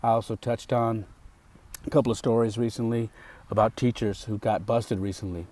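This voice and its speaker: A man's voice: fairly low pitch, flat delivery, normal speed, dark tone. An American man hosting a podcast, talking passionately and outspokenly in a solo monologue. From United States. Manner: impassioned and outspoken. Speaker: podcast host.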